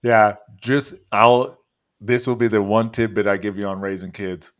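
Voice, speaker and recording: Man, podcast host, casual, swears freely, slightly low voice, excitable. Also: normal speed.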